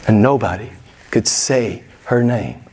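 A man preaching a sermon as pastor, emphatic and pressing questions on his listeners, with sudden excited rises. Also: fairly low pitch, measured pace, slightly rough. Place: church.

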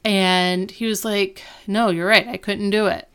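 Smooth-voiced woman casually recapping. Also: medium pitch, a little slow. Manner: animated retelling, acting out quoted lines. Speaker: podcast co-host recapping a TV episode. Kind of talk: casual chat.

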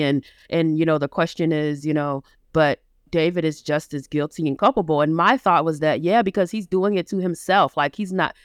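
A speaker with a smooth, clear voice at a middle pitch reflects on a novel in a relaxed podcast chat, building each point step by step. The sound is dry and close. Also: no echo. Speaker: podcast co-host. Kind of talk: casual book discussion.

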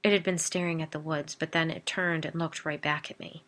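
A woman's voice: low-pitched, steady tone, a little fast, fairly bright tone. A woman reading the part of a wife earnestly recounting a frightening event in a spoken story.

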